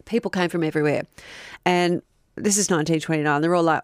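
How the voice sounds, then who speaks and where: A woman spins a story for a podcast, her voice a touch low and playful. She talks casually and now and then slips into mock voices. The sound is dry and close to the mic. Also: fast talker, smooth, no room sound. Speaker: podcast co-host telling a story.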